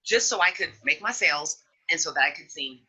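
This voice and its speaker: A woman hosting a podcast in casual chat, outspoken and frank, with an animated delivery. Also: sits low, fairly quick, breathy edge, low-quality recording. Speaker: podcast host.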